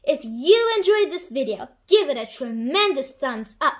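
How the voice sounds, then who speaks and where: A woman reading a children's picture book aloud, with clear, expressive storytelling. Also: sits high, normal speed.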